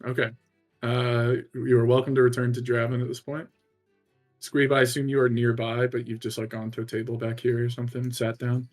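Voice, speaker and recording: A man's voice: medium pitch, completely flat delivery, fairly quick, soft background music. A man running a tabletop game as dungeon master, talking casually with lots of fillers. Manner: casual, lots of "uh" and "like", laughs along.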